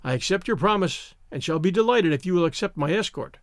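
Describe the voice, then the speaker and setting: A man's voice: high voice, lively intonation, quick pace, no room sound, studio quality. A man reading the part of a gallant, teasing young naval officer in an audiobook, playful and courtly.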